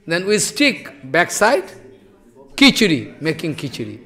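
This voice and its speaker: A man's voice: high-pitched, big pitch swings, a little slow, a bit bright. A man giving a sermon as a spiritual teacher, telling stories animatedly in broken English and teasing his listeners.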